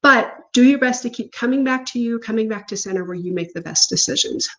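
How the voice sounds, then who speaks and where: A woman talks to her viewers from home in an earnest, encouraging way. Her voice sits a little on the high side, and a light laugh slips in now and then. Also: brisk, fairly bright tone, poor audio. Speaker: spiritual coach. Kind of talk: casual talk to viewers.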